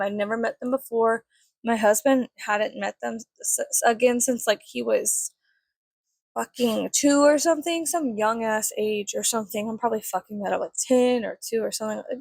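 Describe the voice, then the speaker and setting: A woman chats through a personal story while doing her makeup, rambling and swearing as she goes. Her voice sits a little high with a gravelly fry. The sound is dry and close. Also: darkish tone, no room sound. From Mexican family. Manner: chatty, swears often, filler-heavy, rambling. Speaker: vlogger.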